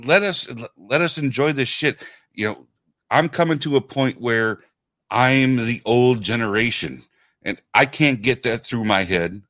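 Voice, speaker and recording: A man's voice: mid-range voice, measured pace, fairly bright tone, dry recording, clean studio sound. A man in his forties chatting casually about a movie, stammering on repeated words and laughing often. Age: 40s. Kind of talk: casual chat.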